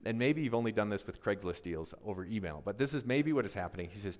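A man preaching a conversational sermon, animated and always asking his listeners questions. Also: fairly low pitch, fast talker, hardly any pauses. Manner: animated, asks the audience questions, often adds "right?". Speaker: pastor. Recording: long reverb of a large hall.

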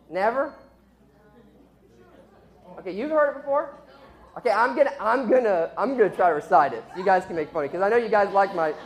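A speaker casually telling a story to a group as a sermon illustration, chatty and self-deprecating, often laughing. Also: medium pitch.

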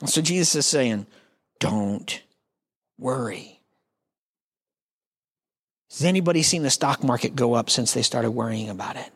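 A man's voice: medium pitch, animated, fast, hardly any pauses, breathy edge. A man preaching a sermon in a conversational, joking way, talking straight to the congregation. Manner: acts out quoted voices. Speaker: pastor.

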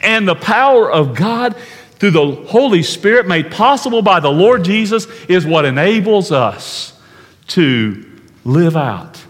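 A man preaching a sermon in an earnest way, slowing down to stress key words and dropping to a hush at times. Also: medium pitch, big-room sound. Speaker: pastor.

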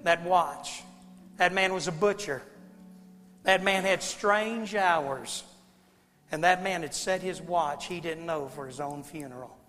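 Preacher, middle-aged man, folksy and dramatic, high voice, echoing hall with soft music under him. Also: a little slow. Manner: folksy, dramatic, swings from hushed to loud. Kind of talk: sermon storytelling. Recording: long hall reverb, faint music.

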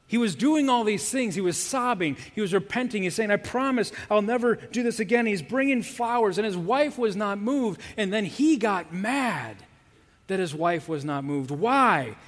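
A man's voice: high voice, big-room sound. A male pastor preaching a sermon in earnest, repeating key phrases for emphasis.

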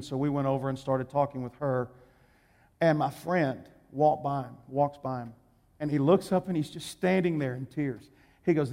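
A man preaching as an evangelist, telling a story and repeating his key points with emphasis, swinging between hushed and loud. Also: high voice. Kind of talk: sermon with story. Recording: hall reverb.

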